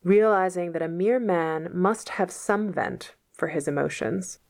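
Lady reading a book out loud and explaining words, chill and patient, kinda gravelly low voice. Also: unhurried. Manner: patient, explanatory, casual asides. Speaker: teacher reading a novel aloud.

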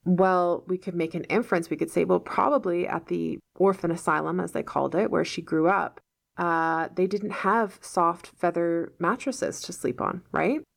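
Woman English teacher, patient and methodical, lowish voice with vocal fry. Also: moderate pace. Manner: patient, step-by-step, checks with "right?". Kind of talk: explaining a novel to learners.

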